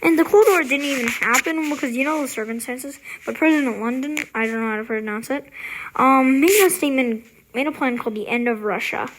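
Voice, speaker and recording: A high-pitched woman talks through an alternate-history map video in a loose, unscripted way. She rambles, trails off and restarts her phrases, with a faint hiss behind her voice. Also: a little fast, poor audio. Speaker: video creator.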